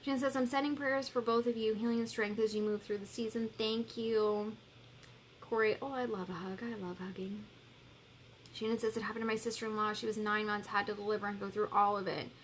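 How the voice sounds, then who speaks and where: A woman's voice: on the high side, little pitch movement, a little fast, a little hiss or hum. A woman in her thirties hosting a live coaching stream, tearful and candid, swearing freely as she reads viewers' comments. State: tearful, crying while talking.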